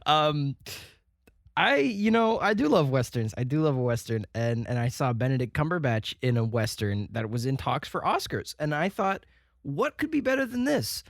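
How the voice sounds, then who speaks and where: Laughy excitable guy on a movie podcast, lively swoopy voice, dry sound. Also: medium pitch, moderate pace, creaky, dry recording. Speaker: podcast co-host. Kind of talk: casual chat.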